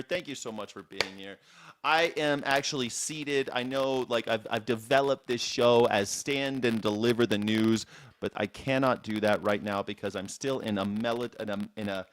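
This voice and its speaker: A man's voice: medium pitch, no room sound. Rambling, playful male show host. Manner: rambling, playful, with many restarts. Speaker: host of a call-in news reaction show. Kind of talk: casual live-stream chat. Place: seated indoors.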